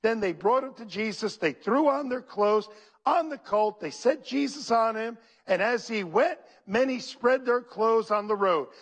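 Unhurried and very high-pitched, a pastor delivers his sermon. He reads scripture aloud and calls out to his congregation with animated, preacherly fervor.

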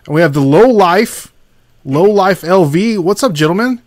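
A man's voice: high-pitched, lively intonation, normal speed, a little mellow, no room sound. A man hosting a casual livestream, greeting viewers by name and reading their chat comments aloud. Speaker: livestream host.

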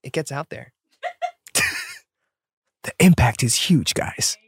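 A man's voice: medium pitch, expressive, slow pace, breathy edge, dry recording, studio quality. A man in his thirties hosting a podcast, telling stories in a chatty way and laughing often. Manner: chatty, laughs often, shifts into quoted voices. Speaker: podcast host. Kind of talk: casual storytelling chat.

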